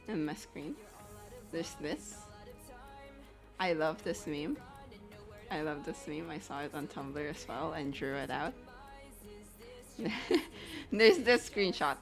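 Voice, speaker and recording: A woman's voice: low voice, gravelly. A young woman chatting casually at her computer, rambling and giggling as she swears and fills her talk with "like" and "you know.". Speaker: animator. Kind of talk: casual chat while sharing her screen.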